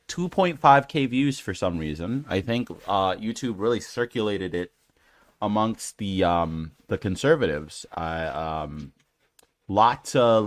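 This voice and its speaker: A man hosting his own channel rambles through a casual rant reacting to comments, full of fillers and restarts, sounding exasperated and incredulous. His voice is mid-range and a bit bright, recorded in studio quality with no echo.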